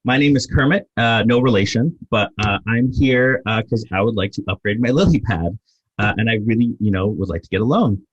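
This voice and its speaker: A courteous, earnest frog politely pleads for a bank loan, as a man puts him on while telling a joke. The voice is husky and slightly breathy, and the sound is dull and lo-fi. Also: on the low side, animated, fairly quick.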